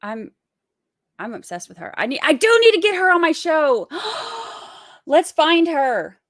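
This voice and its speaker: A woman's voice: very high-pitched, wildly swooping pitch, a little slow, a bit bright, no echo, studio quality. A sleep-deprived woman, chatting casually and rambling with giggles as a livestream host. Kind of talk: casual chat.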